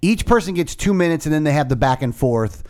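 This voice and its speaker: A man's voice: a little high, brisk. A man co-hosting a podcast, talking politics in a casual, profane, ranting way. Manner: animated, profane, rants. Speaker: podcast co-host.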